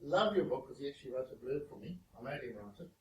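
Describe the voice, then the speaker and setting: A man giving a humorous storytelling talk as a guest speaker, animated and lively. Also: mid-range voice, quick pace. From South Africa. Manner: animated, acts out other people's voices in his anecdotes. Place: meeting venue with an audience. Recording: roomy echo, distant mic, noisy background.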